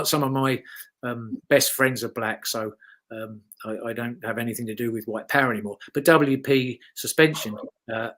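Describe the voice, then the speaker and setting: A man's voice: medium pitch, a bit bright. A British man in his fifties, a former motocross rider, telling casual anecdotes in an interview with lots of fillers and the odd swear word. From United Kingdom. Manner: rambling storyteller, frequent fillers and swearing.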